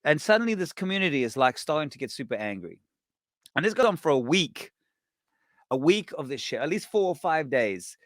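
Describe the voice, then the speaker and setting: A man's voice: on the high side, fairly quick, no room sound. Swearing man telling a story, very dry sound. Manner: animated, swearing, acts out quoted voices. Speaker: podcast host. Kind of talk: casual storytelling.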